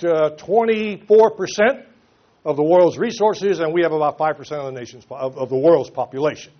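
Man giving an emphatic public speech. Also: on the high side. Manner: emphatic with frequent pauses and repetitions. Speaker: speaker addressing an audience. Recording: dull lo-fi recording.

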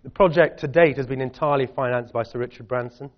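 A man's voice: mid-range voice, fast talker. A middle-aged Scottish man answering audience questions in a chatty, self-deprecating way. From Scotland. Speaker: guest speaker. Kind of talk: public talk and Q&A. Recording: dull lo-fi audio.

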